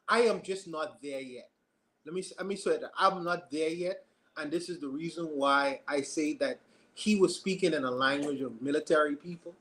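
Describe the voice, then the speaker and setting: A man's voice: fairly high pitch, moderate pace, fairly bright tone, poor audio. A man on a livestream discussion panel, speaking earnestly and repeating himself for emphasis.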